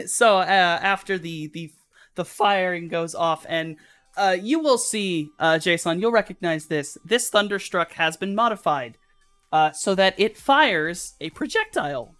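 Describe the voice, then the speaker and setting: A woman running a tabletop game as game master, narrating the action in a loose, profane way with many pauses. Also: on the low side, animated, fairly bright tone, smooth. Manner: loose and profane, halting with fillers.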